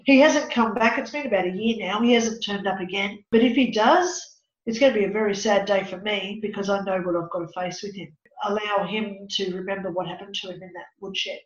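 A woman's voice: mid-range voice, a little fast. Woman medium, echoey lo-fi sound. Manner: animated, dramatic storytelling. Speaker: psychic medium and counsellor. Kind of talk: storytelling in an interview. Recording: echoey, dull lo-fi room.

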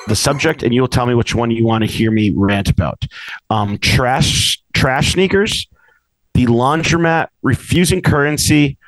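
A man's voice: mid-range voice, no room sound, low-quality recording. A man hosting a casual podcast chat, talking in a rambling, chatty way. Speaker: podcast host.

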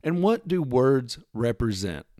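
Emphatic lecturing man, lively pitch. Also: measured pace, no echo, clean studio sound. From United States. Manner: emphatic, sarcastic, lecturing with rhetorical questions; mimics accents in quoted lines. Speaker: commentator. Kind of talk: opinion monologue.

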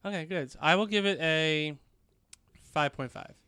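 A man hosting a podcast, chatting quickly with lots of fillers as he steers the talk. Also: fairly high pitch, pushed and bright, smooth, no room sound, clean studio sound. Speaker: podcast host. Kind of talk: casual chat.

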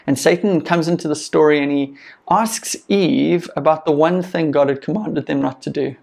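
A man's voice: fairly high pitch, moderate pace, creaky, darkish tone. A man preaching a sermon as pastor, earnest and encouraging, with conversational asides to the congregation.

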